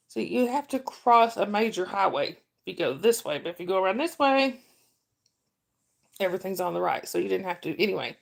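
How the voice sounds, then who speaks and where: Southern gal hosting a live chat, gravelly bit of fry in her voice, laughs a lot and says hi to folks by name. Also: mid-range voice, animated, normal speed, pauses often. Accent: Southern American. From Southern US, North Georgia. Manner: chatty, laughs often, greets viewers by name. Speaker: livestream host. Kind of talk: casual live-chat stream.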